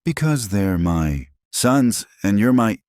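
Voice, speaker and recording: A man's voice: fairly low pitch, sing-song, slow pace, darkish tone, no room sound, clean studio sound, pitched above the performer's own voice. A man voicing a remorseful divorced man who pleads earnestly to make amends.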